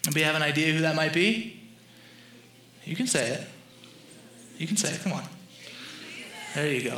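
A man's voice: on the high side, bright, forceful tone, roomy sound, low-quality recording. A young man preaching a sermon in a conversational style, joking with the congregation. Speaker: pastor.

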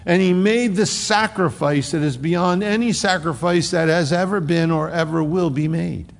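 A male pastor preaching a sermon. He swings between emphatic, rising outbursts and hushed, low asides. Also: moderate pace, vocal fry. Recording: long reverb of a large hall.

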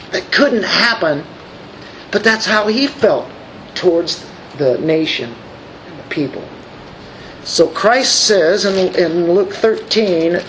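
High-voiced man preaching a sermon. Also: slow pace, a bit bright, slight background noise, low-quality recording. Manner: reads scripture aloud, then asks the congregation questions. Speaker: pastor.

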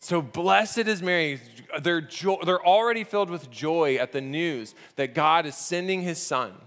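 Guy preaching from a church stage, chatty and animated, kinda high voice, lots of hall echo. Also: a little slow. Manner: conversational and animated, acting out the scripture scenes. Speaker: pastor. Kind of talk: sermon. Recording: echoey hall reverb.

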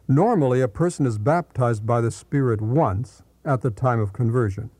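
A man reading a Bible commentary aloud in a measured, deliberate teaching manner. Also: mid-range voice, warm tone, no echo.

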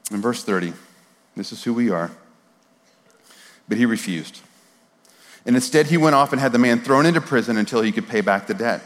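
Casual preaching man in a reverberant hall. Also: fairly low pitch. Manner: informal and animated, frequent word repeats and slang; drops to a soft, quiet voice for earnest moments. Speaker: pastor. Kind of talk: casual conversational sermon. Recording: long reverb of a large hall.

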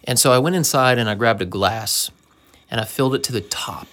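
Earnest man with a gravelly voice. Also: medium pitch, a little fast, fairly bright tone. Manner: earnest, anecdotal storytelling. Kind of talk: casual conversation.

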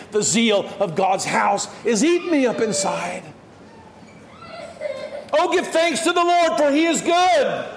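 A male pastor preaching an impassioned sermon, shouting at peaks and dropping to quiet asides. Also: high voice, echoey room, a little hiss or hum.

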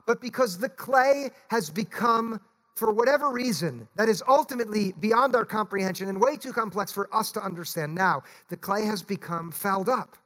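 Earnest high-voiced male preacher. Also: moderate pace, fairly bright tone. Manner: earnest, pleading, repeats "listen". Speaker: pastor. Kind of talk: sermon. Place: church.

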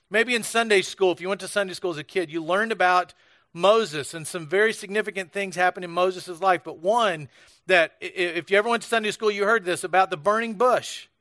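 This sermon comes from an American pastor whose high voice sounds pushed and bright, recorded without echo. He tells stories as he preaches, keeping things conversational and often restarting.

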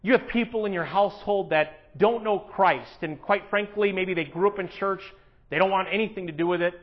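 A man with a high voice preaches to his congregation, animated, dropping to a hush and then rising to loud emphatic lines. The recording is dull and lo-fi. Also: brisk. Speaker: pastor. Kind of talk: sermon. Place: church.

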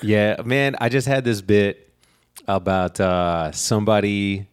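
A man's voice: lowish voice, fairly even intonation, slow pace, clean tone. A young man co-hosting a podcast, telling stories in casual chat, rambling with lots of "like" and laughing often. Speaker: podcast co-host.

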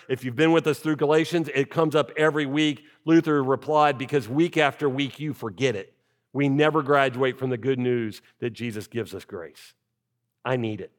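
A pastor preaches a sermon and reads scripture aloud in a medium-pitched voice. He moves from quiet, measured passages into rising, urgent emphasis.

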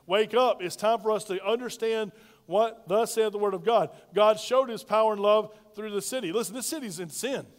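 High-voiced preacher in a long-echo hall. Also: male voice, fairly quick. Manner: preachy call-and-response, asks congregation to repeat lines. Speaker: pastor. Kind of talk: sermon. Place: church sanctuary.

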